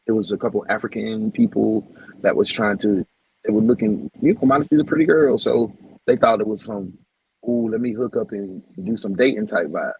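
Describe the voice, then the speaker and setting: A man hosting a casual livestream, heartfelt and repetitive, shouting out viewers by name. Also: lowish voice, lively intonation, normal speed, creaky, breathy edge, muffled recording. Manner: heartfelt, preachy, repeats phrases. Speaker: livestream host.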